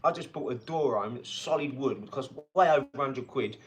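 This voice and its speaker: A man hosting a casual live stream from his home garage, talking in an energetic, rambling, chatty way. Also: mid-range voice, fairly quick. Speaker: livestream host.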